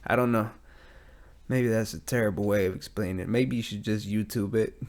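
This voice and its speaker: A man's voice: on the low side, steady tone, fairly quick, darkish tone, slight background noise. A man with an American accent hosting a casual solo podcast, rambling and profane, recording at night in a metal garage. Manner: profane, rambling, self-deprecating. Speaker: podcast host. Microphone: studio mic with headphones.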